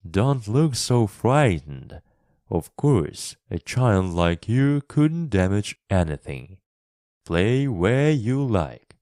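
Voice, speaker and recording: A man voicing a sad, distracted middle-aged uncle in a storybook reading, slow and kindly. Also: on the low side, sing-song, warm tone, no room sound, studio quality, voice pushed up. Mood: weary. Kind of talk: storybook reading for English learners.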